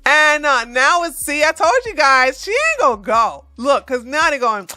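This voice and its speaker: A woman's voice: sits high, very animated, moderate pace, bright, forceful tone, dry recording, soft background music. A woman hosting a news commentary show, reading stories aloud and breaking off for sarcastic, mocking remarks. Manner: sarcastic, mocking asides between read-out passages; breaks into laughter while reading.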